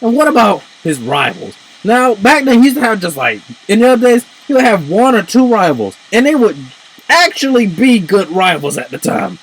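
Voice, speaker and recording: A man ranting in casual commentary, swearing and breaking into shouts. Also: high voice, normal speed, slightly rough, low-quality recording. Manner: animated, swears, jumps into shouts. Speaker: video commentator.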